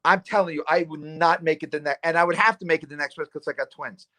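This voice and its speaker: Guy, middle-aged, loud and animated, bit of a higher voice, telling a story and doing everybody's lines. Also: fast. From New Jersey. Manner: loud, animated storyteller who acts out dialogue. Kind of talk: casual storytelling.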